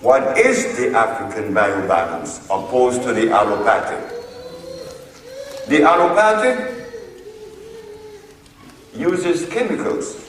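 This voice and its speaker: Male lecturer, unhurried and deliberate, heard from across an echoey hall with faint background noise. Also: on the low side, big pitch swings, distant mic. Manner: deliberate, lecturing with rhetorical questions. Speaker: lecturer addressing a group. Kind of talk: public lecture.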